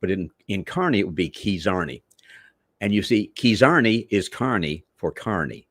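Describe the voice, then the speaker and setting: A man's voice: lowish voice, animated, fairly quick, a bit bright, no room sound. An older man, a veteran wrestler, telling rambling stories in a theatrical, old-school way as a podcast guest. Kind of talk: storytelling in a podcast interview.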